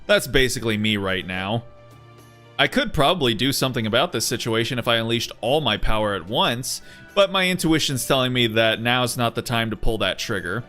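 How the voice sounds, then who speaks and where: A man's voice: mid-range voice, expressive, brisk, pushed and bright, soft background music. A man voicing a friendly, talkative young male hero in a voiced game playthrough. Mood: easygoing.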